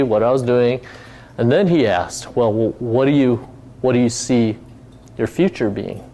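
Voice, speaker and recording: A man's voice: medium pitch, darkish tone, slight background noise. A middle-aged man from Hawaii, a company founder telling his story in a casual talk, rambling with many fillers and restarts.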